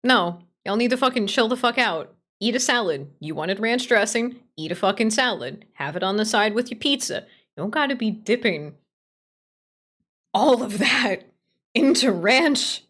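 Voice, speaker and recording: A woman's voice: medium pitch, expressive, normal speed, a bit bright. A woman streaming live, chatting casually in a blunt, opinionated, heavily profane way while answering her chat. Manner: playful, answering chat as she talks.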